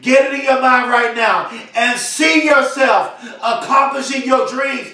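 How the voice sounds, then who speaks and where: A man giving a fiery, repetitive motivational speech, often shouting. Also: extremely high pitch, a little slow, heavy reverb, distant mic. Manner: fiery, emphatic preaching cadence with repetition. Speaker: motivational speaker.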